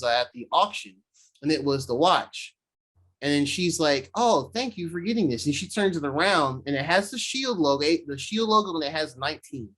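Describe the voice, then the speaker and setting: A man with a fairly high voice recaps an episode for his podcast co-host. He talks casually and acts out the characters' lines in quick, animated voices. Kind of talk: casual chat recapping a show.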